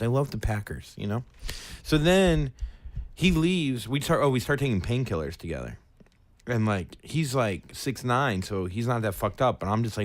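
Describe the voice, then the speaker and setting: A man co-hosting a podcast, telling a crude, rowdy story in casual chat and loudly acting out what people said. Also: medium pitch, animated, normal speed, dry recording. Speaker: podcast co-host.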